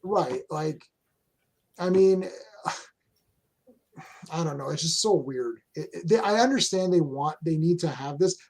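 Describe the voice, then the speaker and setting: A Canadian man talks casually as host, with a voice sitting a little high for a man. He rambles through strong opinions, stopping and restarting his sentences often. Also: mellow. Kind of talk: casual chat.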